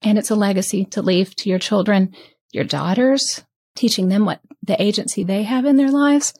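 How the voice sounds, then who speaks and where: A woman's voice: medium pitch, moderate pace, no room sound. Earnest woman coach, dry close sound. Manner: earnest and heartfelt, with soft laughs. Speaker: podcast host and business coach. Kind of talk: candid conversational interview.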